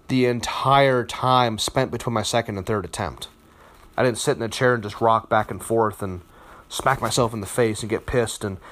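A man in his thirties, a competitive powerlifter, telling his story in a relaxed, candid way with many fillers and repeated words. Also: fairly low pitch. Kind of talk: casual spoken account.

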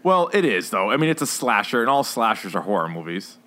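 An excitable man in his late thirties chatting casually as a podcast co-host. He talks with animated enthusiasm and swears freely. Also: fairly low pitch, brisk. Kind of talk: casual chat.

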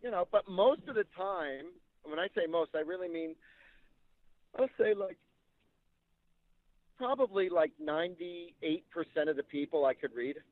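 A man's voice: high-pitched, a little slow, long pauses, dry recording. Man telling stories over a tinny line. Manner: chatty, animated retelling with quoted dialogue. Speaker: psychic medium guest. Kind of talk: casual storytelling.

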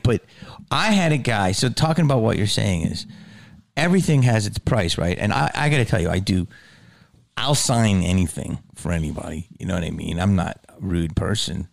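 Gravelly-voiced man telling loose stories. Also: no room sound. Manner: swearing, animated storyteller who drops low for asides. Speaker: guest comedian. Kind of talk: casual podcast chat.

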